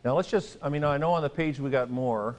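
A man's voice: mid-range voice, a little fast. This is a man giving a classroom lecture in a mid-range voice. He explains things conversationally, breaks it up with light asides, and keeps checking in with his students as he goes. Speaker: Greek teacher.

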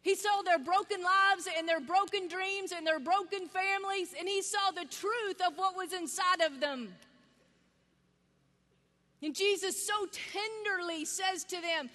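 Very high-voiced woman preaching in a hall. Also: a little slow. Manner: animated storytelling, acting out quoted voices. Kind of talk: sermon. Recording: long reverb of a large hall.

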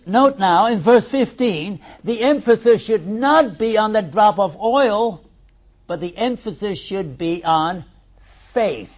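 Animated high-pitched male preacher, slow. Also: muffled recording. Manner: expressive preaching, swings between loud emphasis and quiet asides. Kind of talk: sermon.

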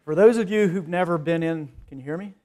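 A man with a slightly high voice and a Southern US drawl gives a keynote address. He works in folksy, self-deprecating anecdotes as he talks to the audience. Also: quick pace, a little mellow. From North Carolina, US. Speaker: keynote speaker. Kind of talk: keynote speech with humorous anecdotes.

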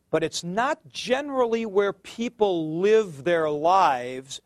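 A man's voice: high-pitched, no room sound, clean studio sound. A middle-aged man giving a casual theology lecture, rambling, with many fillers and restarts. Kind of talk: conversational lecture.

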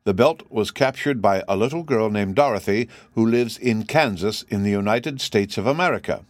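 A man voicing a calm, blunt army general who speaks in a steady, dry manner. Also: on the low side, moderate pace, dry recording, close to an everyday voice.

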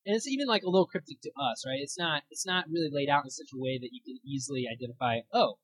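A young adult leads a relaxed Bible study at a weekend retreat, talking fast in a slightly husky, breathy, middle-pitched voice. The casual teaching talk is chatty and full of fillers, with little acted-out quotes and laughter at the speaker's own stories. The sound is dry and close, with no room echo.

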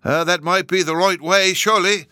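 A man's voice: sits high, fairly even intonation, moderate pace, sharp tone, no echo, studio quality, pitched above the performer's own voice. A man voicing a simple, tearful old male gardener who speaks in a country dialect. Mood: simple, earnest.

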